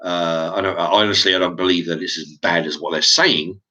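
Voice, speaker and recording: A middle-aged man with an English accent, talking in a halting, rambling monologue to his channel's viewers, often stumbling and repeating his words. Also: sits low, steady tone, bright, forceful tone, dull audio. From England. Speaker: YouTube channel host.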